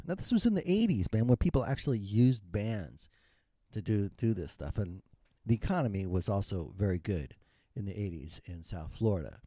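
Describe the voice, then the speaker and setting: A man's voice: lowish voice, very animated, normal speed, dark tone, no room sound, studio quality. A man in his fifties, a retired musician telling his life story in a humorous, rambling and self-mocking monologue.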